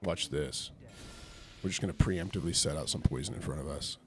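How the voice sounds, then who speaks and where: A man's voice: rumbling low, brisk. A man hosting a morning livestream, reading scripture aloud and paraphrasing it with sarcasm while reacting to his game and thanking chat. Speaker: livestream host leading Bible study.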